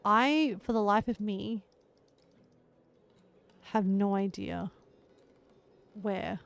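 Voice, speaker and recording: A woman's voice: medium pitch, extremely slow, vocal fry. A woman streaming live, chatting casually with her viewers and laughing often as she plays.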